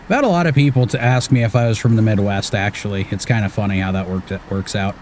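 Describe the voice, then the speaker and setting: Talking fast in a fairly low, darkish voice, a Washington State streamer in his thirties narrates an off-road driving game casually. He mutters to himself and swears occasionally, with a little hiss or hum in the recording.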